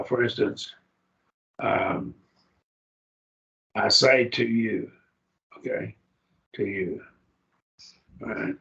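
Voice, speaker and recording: A man teaching a Greek grammar class, who speaks slowly and repeats each word form aloud to model how it is pronounced. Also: mid-range voice, vocal fry, highs cut off. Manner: slow, repeats words aloud to model pronunciation. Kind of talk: classroom lecture. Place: church classroom.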